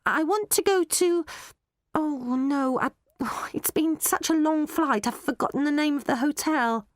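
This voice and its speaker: A woman's voice: sits high, a little slow, dry recording, clean studio sound, pitched above the performer's own voice. A woman voicing a plucky, scheming ten-year-old orphan girl with a bold, coaxing manner. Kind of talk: audiobook character voice.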